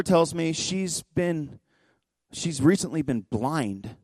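A man pastor giving a sermon in a church, telling a story conversationally with quick asides. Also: a little high, lively intonation, no echo. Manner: impassioned, rising to near-shouting pleas. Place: church sanctuary.

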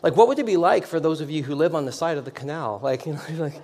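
Halting, chatty male pastor in a hall. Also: fairly high pitch, animated, a little mellow. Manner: conversational, halting, lots of restarts and fillers, humorous asides. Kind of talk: sermon storytelling. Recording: long hall reverb.

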